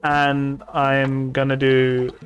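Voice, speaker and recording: A man's voice: medium pitch, completely flat delivery, drawn-out words, dull audio, soft background music. A man, talking casually on a gaming stream, swearing freely as he rants in exasperation.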